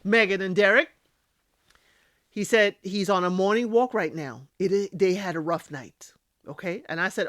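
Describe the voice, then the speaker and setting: A woman hosts a casual reality TV recap with commentary, speaking emphatically, scolding the cast directly and often ending points with "okay?". Her voice is medium-pitched and fairly bright, at a normal speed, recorded dry in a clean studio.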